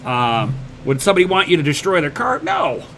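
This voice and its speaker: Bright-voiced man hosting a motivational livestream. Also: fairly high pitch, sing-song, quick pace, a little hiss or hum. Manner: motivational, swears casually, repeats words when starting sentences. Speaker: livestream host. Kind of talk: casual livestream chat reading viewer comments.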